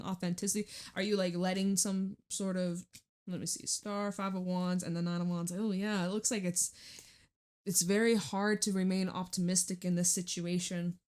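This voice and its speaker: A woman's voice: mid-range voice, a little mellow. Chatty woman reading tarot cards. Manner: chatty, laughs often, many "like" fillers. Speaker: tarot reader.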